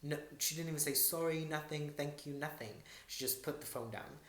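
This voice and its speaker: A man's voice: on the high side, a little fast. A young man in a casual storytelling vlog, animatedly recounting events and quoting people. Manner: animated, quotes people in dialogue. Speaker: vlogger. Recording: roomy with background music.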